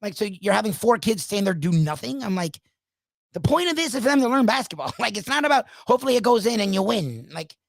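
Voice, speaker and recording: A man hosting a talk radio show, ranting in a casual, animated way and acting out the people he quotes. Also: sits high, fast talker, vocal fry, no echo.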